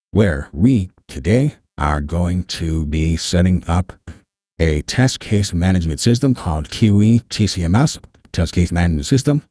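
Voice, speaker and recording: A man hosting a live tutorial stream through a deepening voice filter, talking in an emphatic, motivational way. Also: dark tone, slightly rough, no echo, clean studio sound. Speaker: host. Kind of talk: casual livestream tutorial intro.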